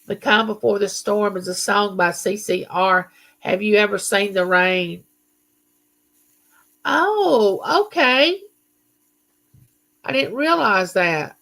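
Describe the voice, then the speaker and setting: A woman's voice: mid-range voice, lively intonation, takes it slowly, pauses often, a bit bright. A middle-aged woman hosting a live chat, greeting viewers and reading their comments aloud. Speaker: livestream host.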